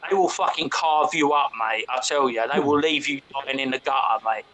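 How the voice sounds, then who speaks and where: A man's voice: mid-range voice, normal speed. Sweary South London man, crowd behind. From England. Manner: sweary, blunt, animated storyteller. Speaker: podcast co-host. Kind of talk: casual chat.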